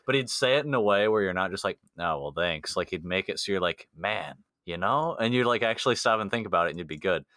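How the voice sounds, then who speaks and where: A deep-voiced man co-hosts a comedy podcast, rambling excitably and laughing through his riffs. The sound is dry and close, with no room around it. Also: racing, hardly any pauses, no echo. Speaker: podcast co-host. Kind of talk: casual comedic chat.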